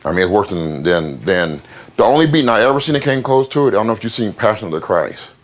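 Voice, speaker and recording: Deep-voiced man telling a hard story. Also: big pitch swings. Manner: plain-spoken, halting with fillers and repeats. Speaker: interview guest. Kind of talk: candid interview storytelling.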